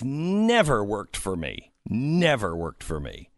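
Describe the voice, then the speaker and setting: A man's voice: fairly low pitch, wildly swooping pitch, takes it slowly, hardly any pauses, dry recording, studio quality. A middle-aged man hosting a radio talk show, joking, reading ads and mimicking other people's voices. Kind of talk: casual radio talk and live ad reads. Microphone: studio microphone.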